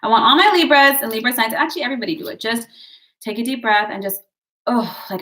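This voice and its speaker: This tarot and astrology reader speaks a little high and fast, her voice pushed and bright. Chatty and encouraging, she refers to her viewers as "guys" and keeps wandering into tangents during her casual horoscope reading.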